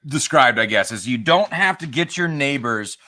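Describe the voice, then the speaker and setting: A man on a podcast panel telling an anecdote in a lively way, acting out quotes. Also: medium pitch, normal speed. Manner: lively, acts out quoted dialogue. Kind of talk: casual panel talk.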